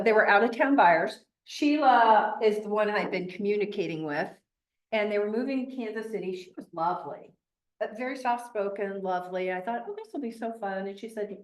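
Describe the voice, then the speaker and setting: A woman with a Midwestern American accent teaching a real estate class, telling stories with chatty, animated acted-out quotes. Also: mid-range voice. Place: training classroom. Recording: echoey room.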